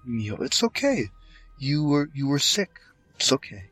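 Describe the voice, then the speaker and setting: A man voicing a worried, gentle mother who stammers and soothes. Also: medium pitch, lively intonation, unhurried, husky, soft background music, voice pushed up. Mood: soothing.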